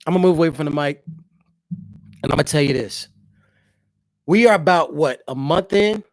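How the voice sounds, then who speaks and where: Streaming live from his home, an eastern US husband and father chats loosely and directly with the people watching. His mid-range voice has lively intonation and normal speed, and there's no echo.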